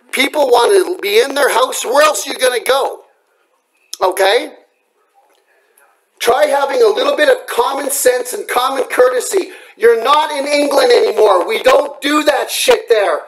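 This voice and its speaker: A furious man with a very high, strained voice rants at his camera from home at night. He swears constantly and makes threats, and his voice cracks with agitation. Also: a bit bright, low-quality recording. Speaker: vlogger. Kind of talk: angry rant to camera.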